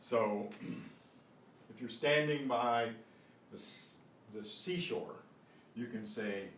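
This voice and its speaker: A man's voice: mid-range voice, fairly bright tone, distant mic. Patient male teacher in a roomy space. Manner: patient, explanatory, repeating phrases slowly. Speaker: Spanish teacher. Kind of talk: online beginner language lesson. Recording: roomy echo with faint noise.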